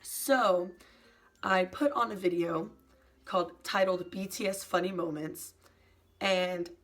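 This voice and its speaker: Soft-spoken young woman sharing personal struggles. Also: fairly low pitch. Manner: soft, hesitant, many "like" fillers. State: emotional, near tears at times. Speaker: YouTuber. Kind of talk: personal confessional vlog.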